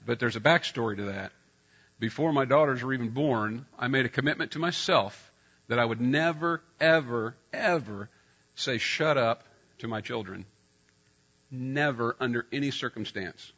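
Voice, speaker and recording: A middle-aged man preaching a sermon, telling a personal story and getting loud when he acts out scenes. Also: medium pitch, animated, moderate pace, husky, muffled recording.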